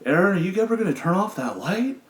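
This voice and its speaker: Brief: a man putting on a grumpy, half-awake male cellmate, pitched up high, muttering, echoey room. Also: sing-song, fast talker. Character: groggy grumpy male heroin-addict cellmate.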